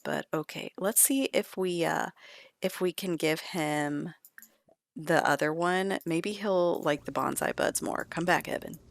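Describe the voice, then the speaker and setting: Low gravelly woman gaming narrator. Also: unhurried, dry recording. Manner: chatty, playful. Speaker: let's play host. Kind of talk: casual gameplay commentary.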